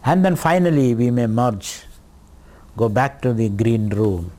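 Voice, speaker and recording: A swami teaches scripture to a retreat group. His delivery is slow and deliberate, circling back over key words. His voice sits at an ordinary male pitch. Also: animated, warm tone. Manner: slow, deliberate teaching with repetitions and light laughter. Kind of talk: spiritual lecture.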